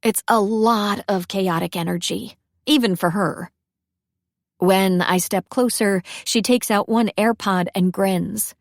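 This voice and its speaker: A woman's voice: mid-range voice, measured pace, no echo, studio quality. A young adult woman narrating a first-person romance audiobook in a wry, self-deprecating way.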